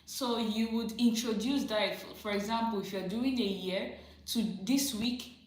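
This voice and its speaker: A woman hosts a casual livestream on a phone or computer mic in a very echoey room, reading viewer questions aloud and answering them directly. She laughs often and repeats her advice for emphasis, speaking unhurriedly in a voice on the high side.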